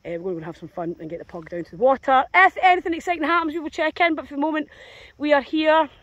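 A woman's voice: sits high, lively intonation, quick pace, a bit bright, no room sound, lo-fi sound. A woman chatting casually to her dogs and camera while walking them in a field, self-mocking and rambling. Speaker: dog walker vlogger. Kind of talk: casual vlog chat. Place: outdoors in a field.

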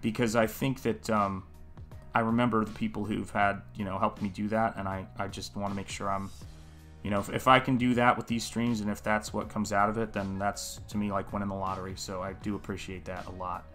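A man's voice: on the low side, level tone, fairly quick, a bit bright, soft background music. A man hosting a live painting stream, talking in a casual, earnest, musing way and greeting viewers in the chat by name.

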